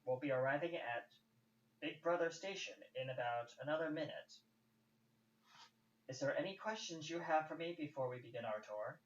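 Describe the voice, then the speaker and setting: A man voicing a polite tour-guide robot that speaks in measured, formal announcements. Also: a little high, lively intonation, natural voice. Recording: echoey room, distant dull mic.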